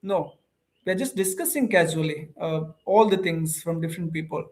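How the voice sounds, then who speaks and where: A man with an Indian accent hosting a casual livestream, reading viewer comments aloud and talking to viewers informally in halting speech full of fillers and restarts. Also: fairly high pitch, darkish tone. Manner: hesitant, many fillers and restarts; informal, calls viewers bro and ma'am. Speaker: host of an English practice livestream.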